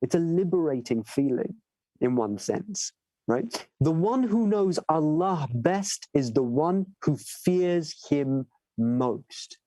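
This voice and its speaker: A man giving a sermon, telling stories with animated delivery and asking listeners "right?" as he goes. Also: on the high side, takes it slowly, no room sound, poor audio. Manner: animated storyteller, acts out voices in tales. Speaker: shaykh giving a majlis lecture. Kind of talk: sermon with storytelling.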